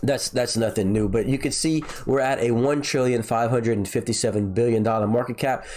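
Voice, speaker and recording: A man's voice: medium pitch, fairly even intonation, brisk, darkish tone. A man hosting a casual crypto livestream, nasal and congested from a sinus infection, rambling and often repeating himself.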